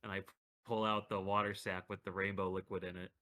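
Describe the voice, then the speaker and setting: Bright-voiced male player. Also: low-pitched, little pitch movement, fast. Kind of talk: tabletop role-play.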